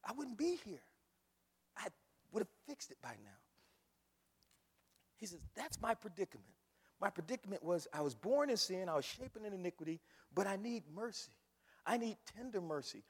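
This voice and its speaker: A man preaches a sermon, his husky voice fairly high and swooping widely in pitch. He moves from hushed pleading to loud cries. The sound rings with a long hall reverb. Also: very animated, moderate pace, long pauses. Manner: impassioned, swings from hushed to shouting.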